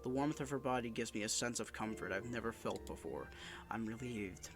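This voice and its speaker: A male gaming YouTuber reads a visual novel aloud, earnest and emotional, and sometimes trips over words. His voice sits at an ordinary middle pitch, with clear music playing behind it. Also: fairly quick. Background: background music.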